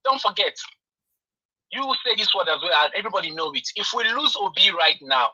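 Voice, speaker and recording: A man phones in, his voice bright and sharp through a tinny, lo-fi line. He speaks haltingly, full of pauses and restarts, a little above the usual pitch. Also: very animated. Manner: hesitant, many fillers and restarts. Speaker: caller. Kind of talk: call-in radio comment.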